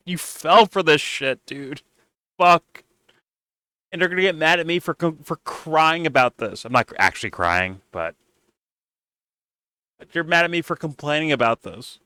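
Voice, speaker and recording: A man with a bright, forceful voice rants in a profane, exasperated way as he reacts to a video. He is recorded dry and close. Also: a little high, no room sound. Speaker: host reacting to a debate. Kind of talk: reaction commentary.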